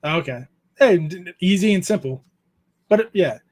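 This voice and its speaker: High-voiced, laid-back man swearing casually. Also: expressive, normal speed, a little mellow. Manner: laid-back, swears freely, laughs often while telling stories. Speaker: podcast host interviewing a YouTuber. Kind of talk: casual chat.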